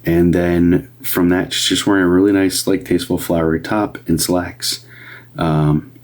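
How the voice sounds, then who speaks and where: A man's voice: low-pitched, flat delivery, moderate pace. A man doing live medium readings, chatting casually with viewers, sometimes whispering and greeting them upbeat. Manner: drops to a soft whisper at times. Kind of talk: casual livestream chat.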